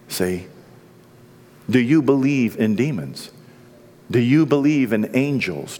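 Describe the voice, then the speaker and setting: A middle-aged man preaching a sermon as pastor, swinging from hushed, quiet stretches to loud, impassioned peaks. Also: mid-range voice. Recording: long reverb of a large hall.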